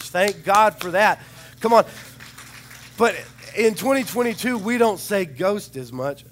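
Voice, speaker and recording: A man preaching a sermon, with a chatty, rambling storytelling manner and a slightly hoarse voice. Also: high voice, a bit bright. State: hoarse, recovering voice.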